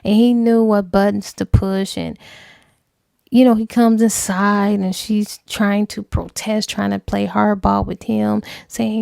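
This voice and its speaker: A woman book reviewer casually retelling a novel's plot, animated and slipping into acted dialogue. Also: medium pitch, measured pace, vocal fry, no room sound, clean studio sound.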